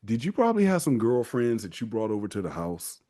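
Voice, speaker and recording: A man hosting a casual advice monologue, talking in an animated way and mocking the people he quotes. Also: medium pitch, a little fast. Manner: animated, acts out quoted parents in mocking voices. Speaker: host giving men's advice.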